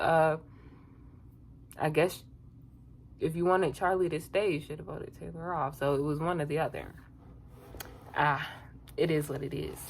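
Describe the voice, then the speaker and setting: A woman giving a casual, sassy recap of a reality show, chatty and quick to laugh. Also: sits low. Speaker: reality TV reviewer.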